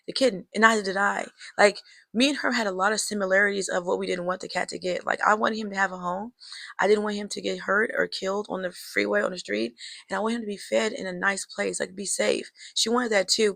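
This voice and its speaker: Chatty woman with a gravelly edge. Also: mid-range voice, bright, forceful tone, dry recording. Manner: chatty, addresses viewers as girl and y'all; reflective, draws life lessons. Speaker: vlogger telling a personal story. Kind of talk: casual storytelling to camera.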